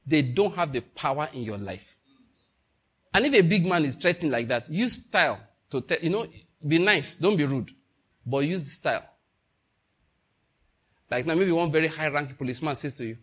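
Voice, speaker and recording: A man's voice: on the high side, sing-song, a little fast, breathy edge. A man preaching a sermon to his congregation, acting out little dialogues and laughing along the way. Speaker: pastor.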